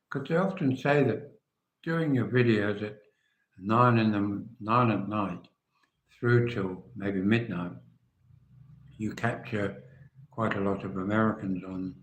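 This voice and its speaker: A man's voice: fairly low pitch, unhurried, roomy sound, a little hiss or hum. An older English man hosting a casual livestream, chatting and answering viewers' comments by name. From England. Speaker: livestream host.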